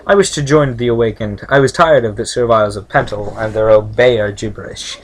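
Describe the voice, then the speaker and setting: A man's voice: mid-range voice, a little fast, a little hiss or hum, natural voice, low-quality recording. A man voicing a wealthy, plump female servile who speaks formally and with dignity. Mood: proud.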